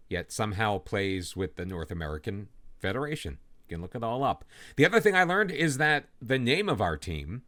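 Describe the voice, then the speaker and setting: A man hosting a football manager let's play, talking casually and poking fun at himself. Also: mid-range voice. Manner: chatty, self-deprecating, lively ups and downs. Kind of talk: casual gameplay commentary.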